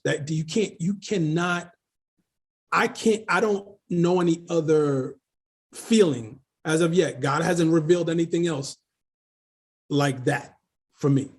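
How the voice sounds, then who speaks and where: A middle-aged man, a leadership coach telling lively stories in an interview, laughing often and repeating phrases. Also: fairly high pitch, breathy edge. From Queens, New York. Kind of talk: casual storytelling interview.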